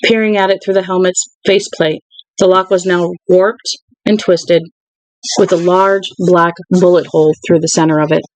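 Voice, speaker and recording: An audiobook reader narrating a novel in an even, unhurried way, with a middle pitch. The recording is dry and close, with no room sound. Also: no room sound, poor audio. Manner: even, unhurried reading with occasional restarts. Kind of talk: reading a novel aloud.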